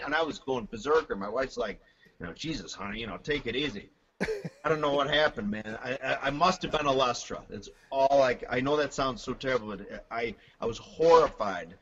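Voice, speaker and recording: A man guest on a drum talk stream, telling stories with lots of laughter and halting restarts. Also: mid-range voice, husky, dull audio. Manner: animated storyteller, laughs often, halting restarts. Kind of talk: casual chat.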